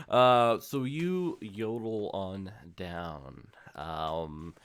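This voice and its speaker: A man narrating as game master for a tabletop role-playing game, relaxed and descriptive. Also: lowish voice, drawn-out words, clean tone. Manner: relaxed, descriptive, laughs easily.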